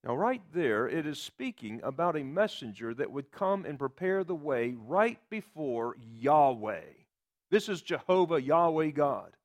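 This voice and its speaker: A man's voice: on the high side, sing-song, a little slow. Man preaching an expository sermon. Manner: expository preaching with emphatic quoted scripture. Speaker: pastor.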